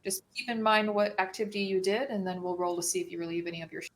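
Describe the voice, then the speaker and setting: A woman running a tabletop game as dungeon master, narrating in a soft storytelling way. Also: medium pitch, flat delivery, fast talker, a little hiss or hum.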